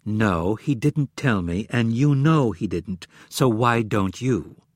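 Audiobook: male narrator as a sharp, indignant female TV reporter, low and husky. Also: lively intonation, slow, no room sound, clean studio sound. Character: pushy, defensive woman TV reporter.

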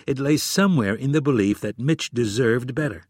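Male audiobook narrator, measured and steady, husky tone, dry booth sound. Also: medium pitch, no room sound. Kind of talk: scripted narration.

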